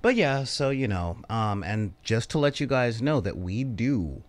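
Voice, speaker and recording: A man's voice: mid-range voice, very animated, measured pace. A man hosting a casual livestream gaming talk show, chatty and joking, with lots of fillers. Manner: chatty, jokey, rambling with many fillers. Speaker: podcast host.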